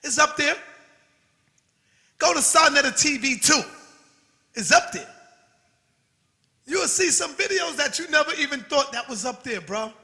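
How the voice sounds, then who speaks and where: A man with a strikingly high, sharp voice rants defiantly to his channel's viewers, swearing freely. The recording carries a long echoey reverb. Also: animated, a little slow, long pauses. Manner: forceful, defiant, profane. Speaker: channel host. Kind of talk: heated livestream rant.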